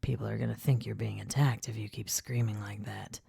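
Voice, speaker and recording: A woman voicing a mischievous young man in an audiobook, speaking low and half-whispered with quiet amusement. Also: fairly even intonation, fairly quick, gravelly, breathy edge, dry recording, clean studio sound, full character voice. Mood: teasing.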